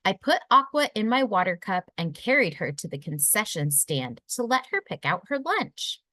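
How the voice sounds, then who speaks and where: Casting: woman reading a picture book aloud, lively, higher voice, dry close sound. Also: normal speed, no echo. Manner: expressive, animated. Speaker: children's book reader. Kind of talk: read-aloud storytelling.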